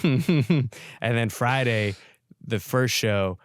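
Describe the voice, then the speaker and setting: A young man hosting a podcast, chatting casually and telling animated stories, acting out what others said. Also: mid-range voice, extremely slow, clear, resonant tone, dry recording. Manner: animated storyteller, acts out quotes. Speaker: podcast host. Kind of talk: casual chat. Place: podcast studio.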